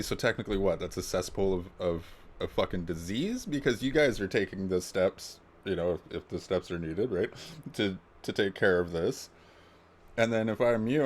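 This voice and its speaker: Low-voiced canadian guy on a podcast, swears constantly, gets heated and animated. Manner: profane, animated rants. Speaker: podcast co-host. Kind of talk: casual chat.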